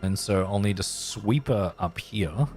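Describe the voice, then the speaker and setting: A man's voice: on the low side, a little slow, darkish tone, soft background music. A man casually live-streaming a game, thinking aloud as he builds and chatting playfully with his viewers.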